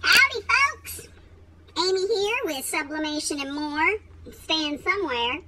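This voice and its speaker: A Texan woman hosts a relaxed screen-share tutorial on software, chatting in a folksy way and laughing easily as she walks through each step. Her voice is high, bright and forceful, at a normal speed.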